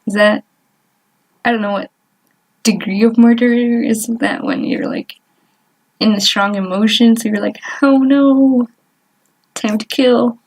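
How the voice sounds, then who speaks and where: A woman's voice: mid-range voice, little pitch movement, normal speed, pauses often. A young woman vlogger chatting casually while she doodles, rambling and trailing off with lots of fillers and little laughs. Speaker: artist vlogger.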